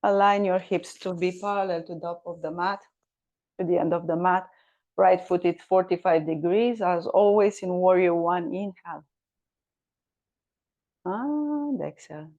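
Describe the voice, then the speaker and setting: A woman yoga teacher leads a gentle class at a slow, unhurried pace. Her voice sits a little low, and she calls out breaths and poses with patient calm. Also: lo-fi sound.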